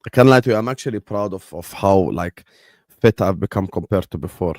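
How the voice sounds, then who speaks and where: Laughing young streamer, dry mic. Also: male voice, deep voice, fairly quick, darkish tone, dry recording. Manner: laughs often, banters with chat, mocking. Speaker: football watchalong streamer. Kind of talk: casual live-stream commentary and chat.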